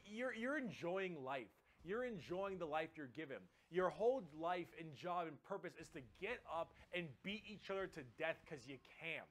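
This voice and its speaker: Excitable, cursing wargame explainer guy. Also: a little high. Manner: animated and profane, repeats words for emphasis.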